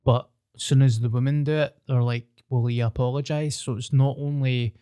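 A man's voice: medium pitch, steady tone, normal speed, mellow, clear, resonant tone. Man chatting casually. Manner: short reactive replies, swearing. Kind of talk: casual chat.

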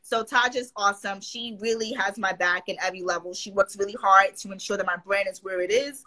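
Speaking fairly quickly in a mid-range voice, a woman guest tells stories animatedly in a casual interview, putting on voices to quote other people. The audio quality is poor.

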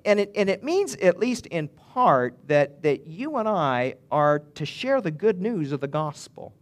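A man's voice: high voice, sing-song, measured pace. A male pastor preaching a sermon in an earnest way, building to emphatic swells and often restarting his phrases.

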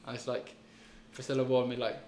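A man's voice: mid-range voice, monotone, fairly quick, over a noisy crowd. Laid-back young British man. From England. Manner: laid-back, hesitant, lots of "like". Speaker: podcast guest. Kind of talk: casual chat. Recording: echoey room with faint noise.

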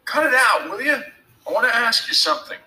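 A man's voice: extremely high pitch, lively intonation, brisk, bright, forceful tone, pitched above the performer's own voice, exaggerated voice, poor audio. A man voicing a nervous boy who speaks in a hearty but quavering voice.

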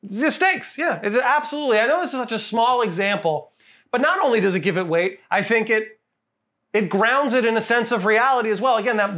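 A man co-hosting a casual movie podcast, animated and laughing, often repeating words while he searches for them. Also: high voice. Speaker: podcast co-host. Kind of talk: casual movie review chat.

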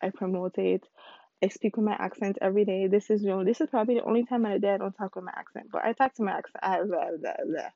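A woman's voice: medium pitch, steady tone, rapid-fire, mellow, no echo, lo-fi sound. A young woman with Caribbean roots hosting a casual solo podcast, chatty and candid, rambling with fillers. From Caribbean background, lives in Houston. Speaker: podcast host.

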